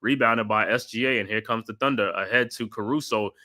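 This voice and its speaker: Man host, bright forceful voice, live play-by-play call with casual asides. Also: fairly low pitch, a little fast. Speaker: watch party host calling the game.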